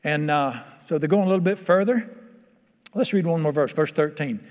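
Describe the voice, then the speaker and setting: Higher-voiced pastor preaching in a hall. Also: male voice, normal speed, darkish tone. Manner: conversational, quizzes the congregation. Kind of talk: sermon.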